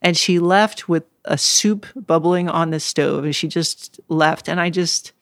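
A woman's voice: on the low side, unhurried, dry recording, studio quality. A middle-aged woman in a casual interview, talking in an earnest, reflective way and now and then laughing or getting choked up. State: choked up at times. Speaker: interview guest.

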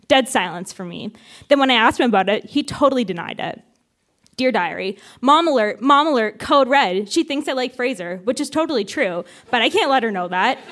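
High-voiced woman reading her old diary. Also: fairly bright tone. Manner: laughing through her own lines. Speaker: reader of her teenage diary. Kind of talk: live stage reading. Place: theatre stage with a live audience.

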